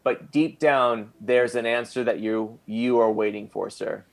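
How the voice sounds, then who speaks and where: A man's voice: medium pitch, steady tone, unhurried. A man narrating as game master in a casual, playful way.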